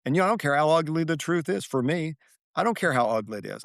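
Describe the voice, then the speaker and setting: A man's voice: fairly high pitch, expressive, quick pace, gravelly, no echo, clean studio sound. A man, a podcast guest, speaking earnestly and telling his story with a flair for drama, repeating key phrases for weight. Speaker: guest, author and athlete. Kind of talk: reflective podcast conversation.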